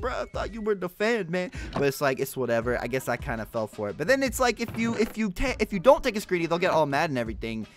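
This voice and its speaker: A young man giving casual gameplay commentary as a gaming YouTuber, excitable, saying like and bro a lot, and jumping into high yelps when things go wrong.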